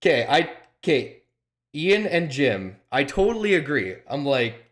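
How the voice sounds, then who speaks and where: A man's voice: on the high side, big pitch swings, moderate pace, fairly bright tone. A man streaming a board game online, reacting aloud to the play, frustrated and swearing as he talks. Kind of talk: live game commentary.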